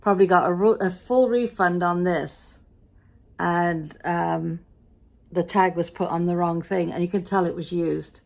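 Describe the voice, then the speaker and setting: Low, gravelly British woman vlogging. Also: steady tone, unhurried, a little mellow. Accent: British English. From Britain. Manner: chatty, grumbling storyteller with wry asides. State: mildly frustrated and tired. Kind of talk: casual day-in-the-life vlog chat.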